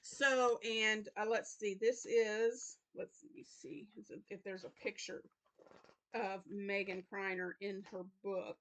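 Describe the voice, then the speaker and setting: A woman's voice: mid-range voice, flat delivery, slow pace. A woman hosting a crochet channel, chatting casually through her weekly plans with lots of fillers, apologizing as she yawns. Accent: Southern US. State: yawning, tired. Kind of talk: casual weekly update vlog.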